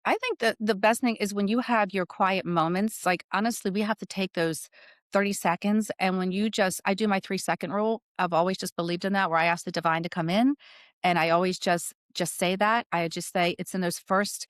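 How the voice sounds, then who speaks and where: A woman's voice: medium pitch, fairly even intonation, a little fast, dry recording. Earnest woman telling her story, dry sound. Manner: earnest storytelling, often asks "right?". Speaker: podcast co-host and spiritual medium. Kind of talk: casual spiritual chat.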